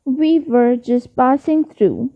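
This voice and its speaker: An eager young woman explorer who pleads her case earnestly, read by a woman. The delivery is slow and the recording dull. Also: high voice, no echo. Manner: protesting, eager.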